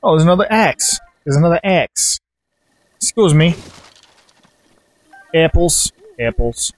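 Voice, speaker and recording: A man giving rambling, excitable let's play commentary as he plays a game, swearing often. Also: on the high side, measured pace, no echo. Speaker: gaming channel host.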